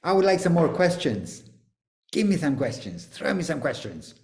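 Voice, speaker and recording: Brief: male facilitator on a video call, lively teasing delivery, roomy echo. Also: a little high, moderate pace. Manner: animated, swearing, joking and teasing. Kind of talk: energetic coaching talk on a video call.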